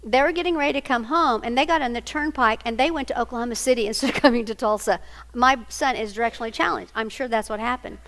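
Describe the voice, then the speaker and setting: Woman speaker, middle-aged, higher voice, lively storyteller in a big reverberant hall. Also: quick pace. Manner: animated storyteller, acts out quoted voices. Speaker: speaker on single parenting. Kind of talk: storytelling talk to an audience.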